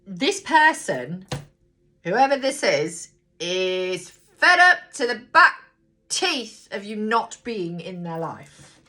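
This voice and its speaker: A woman's voice: medium pitch, big pitch swings, takes it slowly, pushed and bright. A woman giving a casual tarot card reading, thinking aloud, talking straight to viewers and swearing freely. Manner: chatty, blunt, swears freely. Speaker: tarot reader.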